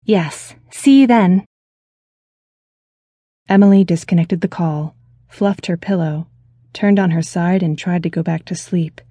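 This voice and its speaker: A woman narrates a suspense audiobook in a steady, measured way. Her low voice is husky and mellow. The recording is dry and close. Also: no room sound. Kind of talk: scripted narration.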